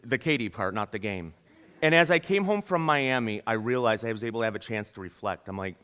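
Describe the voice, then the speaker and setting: A man delivering a storytelling keynote at a conference, lively and playing out the voices of the people he quotes. His voice sits at an ordinary pitch and trails off into a long hall reverb. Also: clear, resonant tone. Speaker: keynote speaker.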